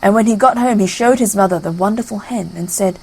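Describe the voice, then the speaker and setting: Breathy woman telling a fairy tale. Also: mid-range voice, a little fast, rough recording. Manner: lively read-aloud storytelling. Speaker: narrator. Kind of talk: storybook narration.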